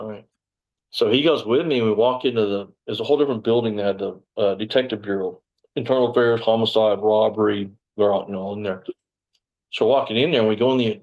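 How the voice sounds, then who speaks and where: Fast-talking man telling his story. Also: fairly low pitch, rough recording. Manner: rambling, animated retelling with quoted dialogue. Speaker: interview guest, former sheriff's deputy. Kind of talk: casual storytelling interview.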